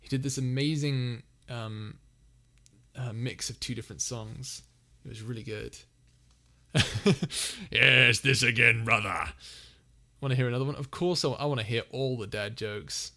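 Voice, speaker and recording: Young man, casual livestream chat, giggly, mid-pitched voice. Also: normal speed. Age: young adult. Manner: giggly, reads chat messages aloud. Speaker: livestream host.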